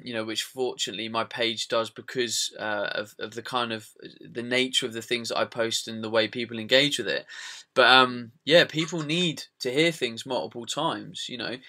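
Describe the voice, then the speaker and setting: Bright, chatty British man. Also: medium pitch. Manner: chatty, swears casually, many fillers. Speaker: podcast host. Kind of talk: casual podcast chat.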